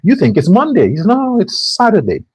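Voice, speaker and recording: A man's voice: high-pitched, huge pitch swings, moderate pace, darkish tone, slightly rough. A man hosting a political commentary show, delivering a sarcastic and preachy rant. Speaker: host.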